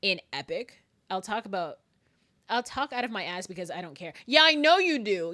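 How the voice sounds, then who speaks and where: A woman's voice: medium pitch, normal speed. A woman streamer chatting casually and rambling nervously, with frequent giggles. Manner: animated and giggly, frequent laughter; self-described very nervous, rambling with restarts. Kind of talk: casual live-stream chat.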